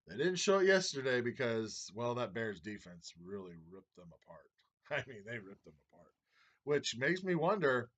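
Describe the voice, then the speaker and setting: Brief: male league commissioner, mid-range voice, chatty and excitable sports-fan banter. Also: mid-range voice, husky, highs cut off. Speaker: fantasy football league commissioner. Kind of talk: casual video update to league members.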